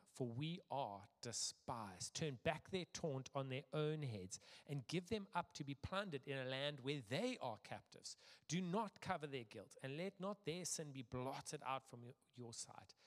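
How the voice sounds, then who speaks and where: Man preaching in a reverberant hall. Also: medium pitch. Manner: reads with dramatic dips and pauses, then talks casually with fillers. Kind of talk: scripture reading and sermon.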